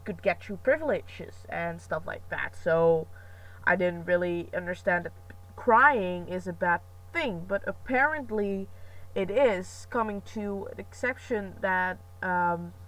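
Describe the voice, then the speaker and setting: A woman's voice: lowish voice, measured pace, a bit bright, far from the mic, rough recording. Chatty young woman vlogging. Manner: rambling, chatty, self-mocking, many fillers. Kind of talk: casual chat.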